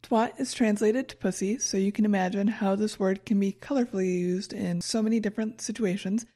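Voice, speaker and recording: A woman's voice: mid-range voice, fairly even intonation, fairly quick, mellow. A woman co-hosting a podcast in casual chat, reading from her notes and stumbling over foreign words. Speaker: podcast co-host presenting research.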